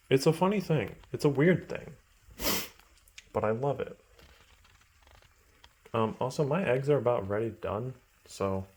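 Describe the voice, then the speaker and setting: A man rambling through a calm, meandering vlog at home while his food cooks. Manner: slow, meandering and low-key, trailing off. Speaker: vlogger. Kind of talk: rambling casual vlog monologue. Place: at home in a kitchen, cooking. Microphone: phone camera.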